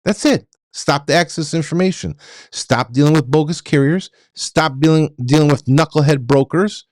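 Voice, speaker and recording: A man's voice: a little high, normal speed, dry recording, clean studio sound. A middle-aged man hosting a trucking show, ranting bluntly at viewers and often stammering and repeating himself. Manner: blunt, repetitive, stammering restarts.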